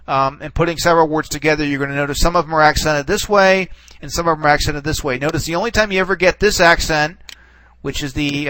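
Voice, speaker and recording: Recorded dry and at low quality, a man with a slightly high, sharp-toned voice teaches a lesson step by step. He types on screen, keeps checking in with "okay?", and tends to trail off and repeat words mid-task.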